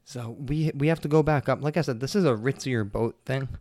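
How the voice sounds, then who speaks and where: A man hosting a podcast, telling a casual story with constant swearing and animated retellings. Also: medium pitch, brisk. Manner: profane, animated, heavy swearing. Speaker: podcast host.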